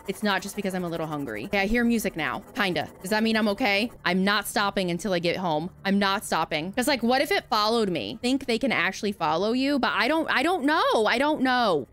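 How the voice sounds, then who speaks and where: Young woman, gameplay commentary, anxious, swears a lot, lively swooping pitch, home setup. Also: a little fast, few pauses. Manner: jittery, anxious and swearing, talking to herself. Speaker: gaming video creator.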